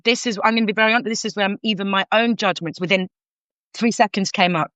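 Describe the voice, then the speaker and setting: A woman's voice: medium pitch, quick pace, dry recording. A middle-aged woman from North London with a London accent, telling a candid story as a podcast guest, frank and full of restarts. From North London, England. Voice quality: frank, animated, many restarts. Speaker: guest, counsellor. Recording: dull lo-fi sound.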